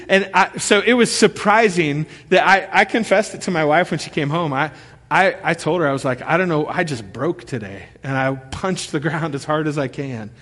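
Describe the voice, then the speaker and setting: A man in his thirties preaching a sermon, telling stories with animated energy and acting out what people said. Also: fairly high pitch. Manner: animated storytelling, acting out quotes. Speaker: pastor. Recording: long reverb of a large hall.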